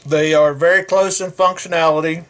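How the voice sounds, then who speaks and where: A man's voice: fairly high pitch, fairly even intonation, normal speed, a bit bright. A man hosting a casual product review, talking in a rambling, folksy way and correcting himself as he goes. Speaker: gear reviewer.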